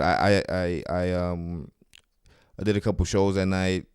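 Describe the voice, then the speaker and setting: Low-voiced man telling stories on his podcast. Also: level tone, moderate pace, a little mellow, clear, resonant tone, dry recording, clean studio sound. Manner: loose, profane, slang-heavy storytelling. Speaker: stand-up comedian hosting his own podcast. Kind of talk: casual solo storytelling podcast. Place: New York City.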